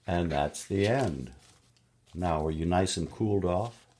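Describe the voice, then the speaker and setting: A man with a deep voice reads a picture book aloud to a child. He goes slowly and playfully, adding gasps and tooting sound effects between pages. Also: a little mellow, a little hiss or hum.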